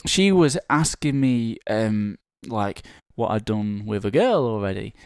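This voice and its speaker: A man's voice: on the low side, expressive, a little slow, darkish tone, clear, resonant tone, no room sound, studio quality. A young man, telling a sheepish, rambling story in casual podcast chat. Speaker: podcast co-host.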